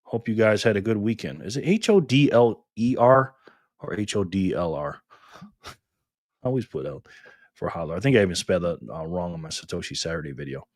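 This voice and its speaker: A man's voice: low voice, expressive, brisk, a little mellow, no echo, studio quality. A man hosting a casual live stream, greeting chat viewers by name in a friendly, upbeat way from home. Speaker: livestream host. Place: home room in Las Vegas.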